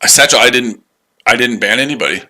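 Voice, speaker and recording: Male trading streamer, tired and mocking, bright tense tone. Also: medium pitch, fast. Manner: sarcastic, repetitive, combative. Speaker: trading livestream host. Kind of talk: live trading stream, answering chat.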